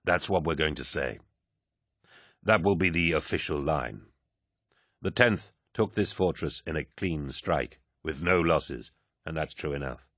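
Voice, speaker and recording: A man voicing a giant male warrior, speaking gravely and in a measured, low way, as an audiobook character voice. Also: a bit bright, dry recording, studio quality, heavily acted.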